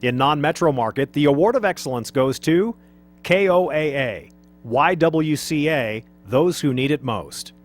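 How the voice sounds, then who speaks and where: A man reads out award categories and winning stations at a quick clip. His voice sits a touch high and stays businesslike throughout. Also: lively intonation. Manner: brisk, announcing. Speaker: awards presenter. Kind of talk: reading award winners.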